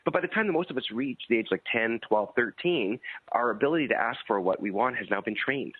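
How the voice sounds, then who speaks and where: Fast-talking middle-aged man on a phone line. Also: medium pitch, animated, slightly rough, no room sound. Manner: fast, repeats words, laughs often. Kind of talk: casual radio chat. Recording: dry phone-line audio.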